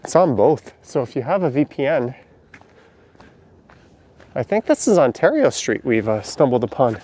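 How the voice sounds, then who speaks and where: A man's voice: mid-range voice, big pitch swings, moderate pace, a little mellow. A man, walking city alleys at night on a live stream, chatting and answering viewers' questions as he goes. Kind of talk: casual live-stream narration reading chat.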